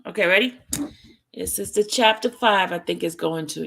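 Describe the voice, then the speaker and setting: Gravelly woman greeting stream viewers. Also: on the low side, moderate pace, fairly bright tone. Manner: chatty, sing-song greetings. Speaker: live streamer. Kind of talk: casual chat with live viewers.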